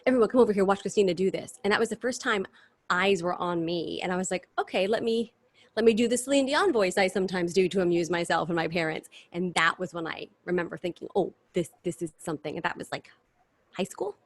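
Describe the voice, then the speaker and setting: A woman's voice: fairly low pitch, fast talker. A woman in her thirties, a stage performer, chatting animatedly about her career in a casual interview over a video call. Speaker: guest performer.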